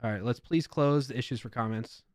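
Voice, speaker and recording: A man's voice: mid-range voice, a little fast, dry recording, clean studio sound. Chatty New York man live-streaming. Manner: chatty, reads comments with playful emphasis and laughs. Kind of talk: casual live-stream commentary reading comments aloud.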